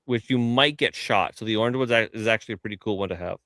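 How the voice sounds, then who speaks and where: A man from Canada co-hosting a podcast in casual chat, talking haltingly with many restarts. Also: fairly low pitch, a bit bright, dry recording. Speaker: podcast co-host. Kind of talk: casual chat on a live stream.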